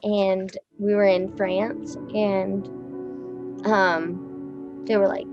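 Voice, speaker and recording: Woman, 30s, rambling, swears, slow, faint music behind. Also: medium pitch, muffled recording. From Texas. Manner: rambling, excitable, swears freely, laughs often. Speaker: interview guest, musician. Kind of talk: casual chat.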